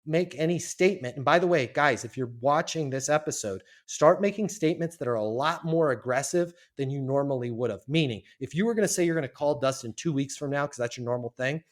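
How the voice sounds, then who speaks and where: A man's voice: mid-range voice, fairly quick, few pauses. A man guesting on a business podcast, teaching sales in an emphatic, punchy way with casual swearing.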